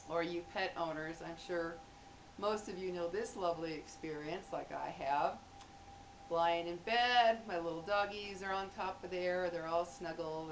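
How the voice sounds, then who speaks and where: A woman's voice: fairly low pitch, far from the mic. A chatty middle-aged woman talking to her camera at home, often breaking into laughter as she acts out small scenes. She sits a little back from the mic, with a faint hum underneath. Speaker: vlogger. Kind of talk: casual chat to camera.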